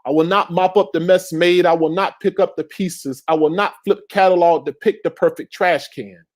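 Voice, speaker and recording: A man's voice: high-pitched, steady tone, normal speed. A man performing spoken word poetry at a virtual slam, with a rhythmic, emphatic delivery over a video call. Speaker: slam poet.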